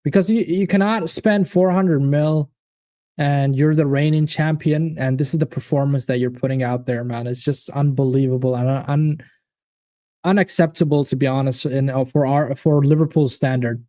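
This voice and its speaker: A man hosts a live football fan stream, talking straight to his viewers by name and cursing freely. His voice is mellow and slightly high, and it leaps upward often when he gets animated. The sound is dry and close. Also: normal speed, dry recording. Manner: animated, swearing, addressing chat viewers by name. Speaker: watchalong host. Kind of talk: casual live-stream chat.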